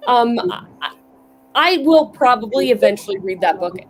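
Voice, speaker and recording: A woman's voice: a little high, lively intonation, normal speed, slight background noise, poor audio. Chatty woman hosting a book club call. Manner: chatty, hesitant, many likes and restarts. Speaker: book club livestream host. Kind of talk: casual video-call chat.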